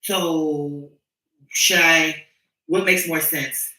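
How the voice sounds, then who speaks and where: A woman's voice: sits low, fairly even intonation, very slow, sharp tone, recorded from a distance. Preachy woman livestreamer, fervent and foul-mouthed, recorded off-mic in an echoey room. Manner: fervent, profane, preachy ranting. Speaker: streamer addressing her followers. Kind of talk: impassioned livestream monologue.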